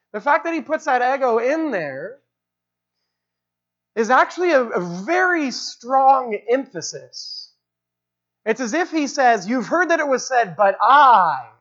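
Preacher, expository sermon, explanatory, repeats phrases for emphasis, mid pitch, dull lo-fi recording. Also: a bit bright.

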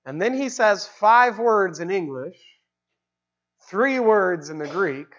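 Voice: mid-range voice, lively intonation, slow pace, fairly bright tone. A preacher giving an expository sermon, explaining the original language of a text and repeating key phrases for emphasis. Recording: dull lo-fi recording.

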